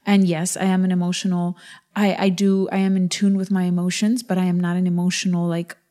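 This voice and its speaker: Earnest woman in her thirties, mellow voice. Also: fairly low pitch, level tone, brisk. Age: 30s. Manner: earnest, pressing her point with quoted asides. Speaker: podcast co-host. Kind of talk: candid couple conversation.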